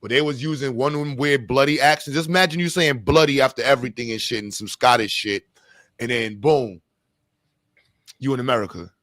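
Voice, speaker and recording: A man's voice: medium pitch, a little fast, fairly bright tone, dry recording, studio quality. A man hosting a podcast, ranting in a blunt, profane, slangy way. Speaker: podcast host. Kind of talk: heated casual rant.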